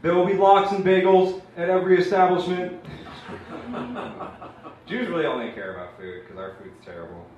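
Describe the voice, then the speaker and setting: A man's voice: high voice, normal speed, long pauses, darkish tone, muffled recording, a little hiss or hum. A young man doing a rambling, self-deprecating open mic stand-up set, full of fillers. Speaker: stand-up comedian. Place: small open mic room, audience laughing. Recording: echoey live room bootleg from far off.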